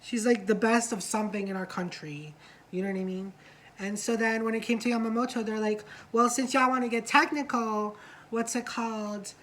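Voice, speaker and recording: A woman's voice: on the high side, normal speed, fairly bright tone, low-quality recording. Chatty gossiping woman recapping a show. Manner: chatty, gossipy, swears freely, acts out quotes. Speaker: co-host of a reality show review. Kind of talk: casual chat recap.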